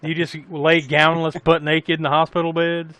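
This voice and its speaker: A man's voice: fairly high pitch, monotone, moderate pace, fairly bright tone, no echo. A man with an American accent co-hosting a podcast, casually recapping a film, swearing freely and laughing often. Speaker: podcast co-host. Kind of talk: casual film review chat.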